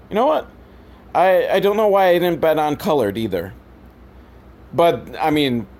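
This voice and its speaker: A man's voice: on the high side, darkish tone. A man giving rambling, sarcastic and profane commentary on old films. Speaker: comedy commentary host.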